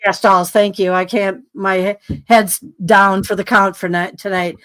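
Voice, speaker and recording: A woman, a podcast guest, telling a long story in a rambling, animated way with many asides. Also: medium pitch, unhurried, smooth.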